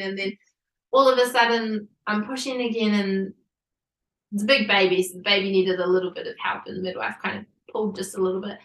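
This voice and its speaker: A woman in her thirties recounts a personal story with animated energy, laughing and saying "like" often. She sits a little back from the microphone. The room around her rings. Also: mid-range voice, normal speed, reverberant, recorded from a distance, low-quality recording. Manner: animated, laughing, many likes. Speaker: podcast guest.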